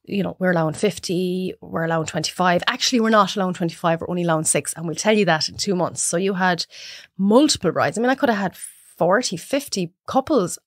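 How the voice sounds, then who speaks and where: A woman in her thirties with an Irish accent, chatting as a podcast guest and acting out her clients in high voices. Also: fast talker, no room sound, clean studio sound. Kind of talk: casual chat.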